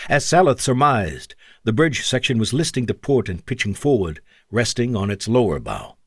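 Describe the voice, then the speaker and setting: A man's voice: big pitch swings, moderate pace, breathy edge, no echo, studio quality. A man narrating an audiobook, shifting his delivery for the characters' lines. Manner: shifts pitch and pace for character dialogue. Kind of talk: scripted narration.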